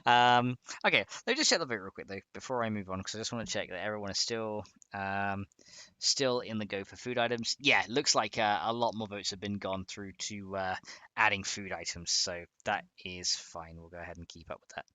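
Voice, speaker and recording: Male streamer, casual rambling live-chat delivery, dry close sound, pitched a touch low. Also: a little fast, pushed and bright, no room sound. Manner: rambling, chatty, laughs often, reads out chat. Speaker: game modding streamer.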